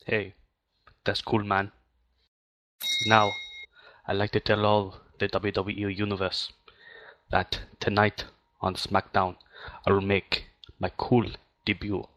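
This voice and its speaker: Guy doing a chill caribbean wrestler promo, put-on accent, drawly and pompous, bright dry voice. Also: on the low side, monotone, slow pace, long pauses, no room sound, lo-fi sound. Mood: mock-grand. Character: laid-back Caribbean male wrestler cutting a promo.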